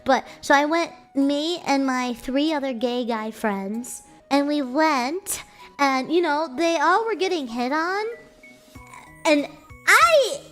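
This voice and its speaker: A woman's voice: sits high, animated, takes it slowly, a bit bright, faint music behind. A young woman streamer chatting casually to her viewers, telling stories in a playful, chatty way. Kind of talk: casual chat.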